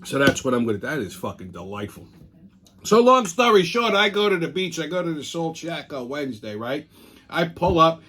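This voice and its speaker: A man's voice: a little high, very animated, moderate pace, bright, forceful tone. A middle-aged man, hosting a show and telling a profane, ranting story in casual monologue. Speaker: show host.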